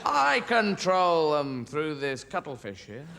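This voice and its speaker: A man's voice: a little high, very animated, takes it slowly, vocal fry, full character voice. A man voicing a sullen, paranoid male mynah bird that speaks in a conspiratorial way. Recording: loud background noise.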